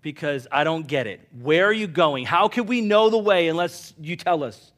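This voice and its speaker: Man doing a worried disciple, higher voice, louder, blunt, exasperated. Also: lively intonation, moderate pace. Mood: pleading. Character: anxious, confused adult male disciple.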